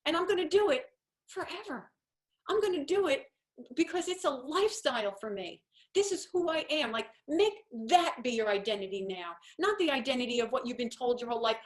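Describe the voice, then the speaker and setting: A woman's voice: fairly high pitch, expressive, a little fast. A woman in her fifties hosting a casual coffee-talk monologue, telling stories in a rambling, self-deprecating way. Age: 50s. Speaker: host.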